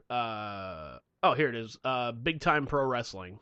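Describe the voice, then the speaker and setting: A man co-hosting a casual podcast chat, laughing often, clearing his throat and trailing off as he reads. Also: medium pitch, lively intonation, very slow, long pauses, fairly bright tone, no room sound. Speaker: podcast co-host.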